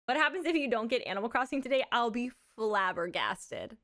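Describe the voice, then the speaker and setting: A woman live streamer chatting casually with crude, excitable, giggly banter. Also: on the high side, brisk.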